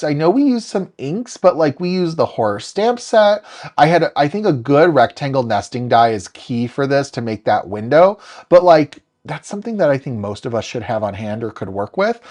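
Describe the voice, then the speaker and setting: A young man hosts a crafting live stream. He chats upbeat with viewers while he works, and his pitch swings up and down a lot as he talks. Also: a little mellow. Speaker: card-making tutorial host.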